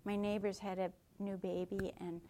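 A woman meditation teacher giving a dharma talk in a gentle, reflective way with soft asides. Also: medium pitch, level tone, normal speed.

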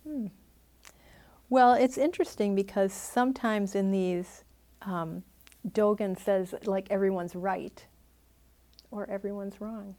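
A woman's voice: medium pitch, slow pace, long pauses, warm tone. A woman meditation teacher giving a dharma talk and answering questions, thoughtful and hedging, laughing easily.

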